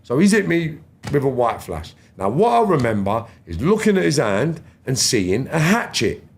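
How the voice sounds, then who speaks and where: A man in his fifties, a podcast guest, tells stories in a casual, animated way, acting out other people's lines and swearing freely. His voice is mid-range at a normal speed, with a little hiss or hum on the recording.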